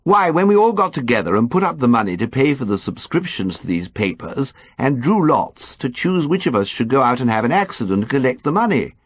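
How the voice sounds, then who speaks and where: A man voicing a buoyant, wheedling young gentleman schemer who calls everyone old horse. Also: mid-range voice, very animated, brisk, few pauses, slightly rough, no echo. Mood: coaxing. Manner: hearty, wheedling, anxious when thwarted.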